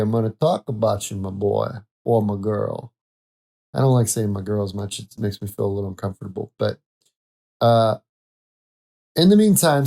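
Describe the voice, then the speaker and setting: A man's voice: lowish voice, expressive, normal speed, vocal fry, pauses often, mellow, soft background music. A man hosting a casual solo podcast, rambling, correcting himself and laughing at his own jokes. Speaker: podcast host.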